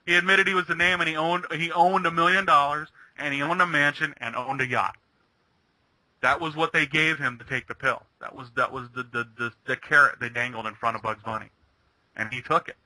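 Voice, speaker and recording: A man's voice: on the high side, fairly even intonation, brisk, bright, forceful tone, no room sound, low-quality recording. A man chatting casually and retelling a cartoon plot, rambling with many restarts. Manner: rambling storyteller, stumbling restarts. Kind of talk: casual chat.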